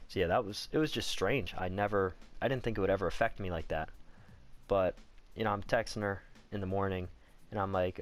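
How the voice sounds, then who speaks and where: A man's voice: lowish voice, moderate pace, faint music behind. Young man telling a candid breakup story. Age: young adult. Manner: candid, profane, rambling, heavy on "like". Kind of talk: casual storytime vlog.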